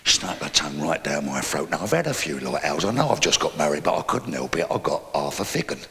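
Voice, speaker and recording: A man with a London accent doing a live stand-up routine, telling crude stories in a brash way and shouting his punchlines. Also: a bass voice, animated, fairly quick, in a large hall. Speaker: stand-up comedian. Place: live comedy venue.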